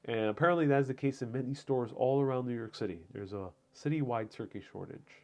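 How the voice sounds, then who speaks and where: A man's voice: medium pitch, fast, darkish tone. A man hosting a live stream from home, chatting casually and answering viewer comments in a rambling way, with frequent fillers and restarts. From Puerto Rico.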